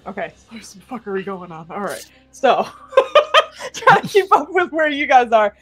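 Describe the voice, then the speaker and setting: A woman's voice: fairly high pitch, wildly swooping pitch, moderate pace, faint music behind, rough recording. A woman narrating as dungeon master in a tabletop game, laughing often as she describes the scene.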